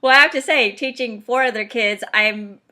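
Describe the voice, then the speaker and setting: A woman hosts a talk show with a bright, clear voice. She affirms her guest and sets up her questions at length before asking them. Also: on the high side, moderate pace. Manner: affirming, asks long framed questions. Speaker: radio show host. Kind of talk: interview hosting.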